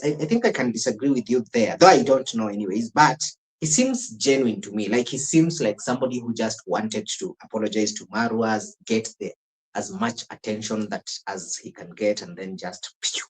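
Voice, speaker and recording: A man's voice: fairly low pitch, normal speed, low-quality recording. A Kenyan man streaming live, giving chatty, opinionated commentary on a show and greeting viewers from the chat. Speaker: streamer reacting to a reality show. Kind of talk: casual live reaction commentary.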